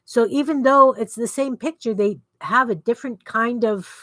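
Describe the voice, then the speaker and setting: A woman's voice: a little high, moderate pace, a bit bright, dry recording. Chatty woman crafting on a livestream. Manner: chatty, self-talk while working, mutters to herself. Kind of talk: casual crafting chat with viewers. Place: home basement craft room.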